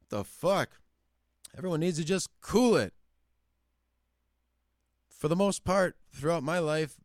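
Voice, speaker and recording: A man's voice: mid-range voice, dry recording, clean studio sound. A man in his thirties hosting a call-in show, ranting casually with constant swearing. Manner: profane, ranting, animated. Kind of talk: casual rant. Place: lives in the Upper Midwest.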